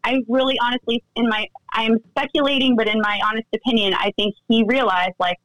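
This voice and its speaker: Woman, bright high voice, animated storytelling, acts out dialogue, dry close mic. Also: brisk, hardly any pauses, dry recording, low-quality recording. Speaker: guest, friend recounting events. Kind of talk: casual interview storytelling.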